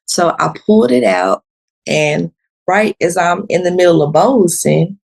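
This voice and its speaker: Gravelly-voiced woman telling a story. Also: unhurried. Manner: animated, acts out quotes with sharp pitch jumps; blunt, unfiltered. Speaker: podcast guest. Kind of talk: casual storytelling.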